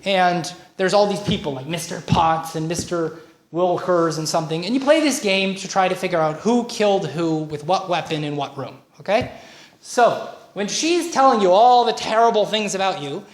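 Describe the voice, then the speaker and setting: A woman leading a relationship workshop as a coach, talking in a lively way and often checking in with her listeners. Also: fairly low pitch, moderate pace. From Canada. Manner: animated, frequent "okay?" and "right?" checks, acts out quoted voices. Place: workshop room. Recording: echoey room, faint noise.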